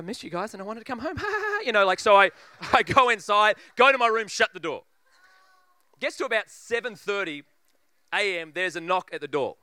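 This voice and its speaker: A preacher telling a funny story in a sermon, acting out voices and laughing often. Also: male voice, a little high, sharp tone, smooth, no echo.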